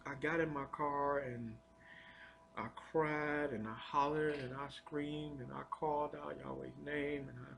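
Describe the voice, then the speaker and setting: A man telling a personal spiritual testimony in an earnest, confessional way, halting and often repeating his words. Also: on the high side, fairly even intonation, vocal fry, a bit bright, a little hiss or hum. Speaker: storyteller sharing a personal testimony.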